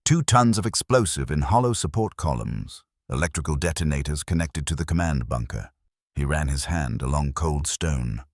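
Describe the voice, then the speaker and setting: Male narrator, scripted, grave, dramatic, very deep, dry. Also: animated, normal speed, no room sound.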